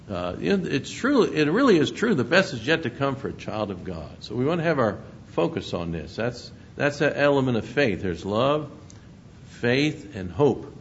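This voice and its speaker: Low-voiced male preacher, muffled recording. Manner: reads scripture aloud with emphatic rises, chuckles between points. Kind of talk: sermon. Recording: muffled lo-fi recording with faint rumble.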